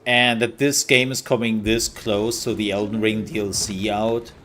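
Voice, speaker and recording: A man's voice: fairly low pitch, level tone, normal speed, a bit bright, slight background noise. A man streaming live, giving casual commentary on game demos in a rambling, candid way with hesitant fillers.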